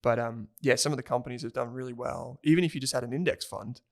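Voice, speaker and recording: A man's voice: mid-range voice, fast talker, gravelly. A man, co-hosting a personal finance podcast in a rambling, chatty way and laughing easily. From Australia. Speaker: podcast co-host. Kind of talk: casual chat.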